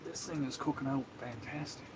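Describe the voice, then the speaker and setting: A Canadian man cooks while chatting casually on a live stream, laughing often and greeting viewers by name. His voice is mid-range and a little fast, with background noise in the recording.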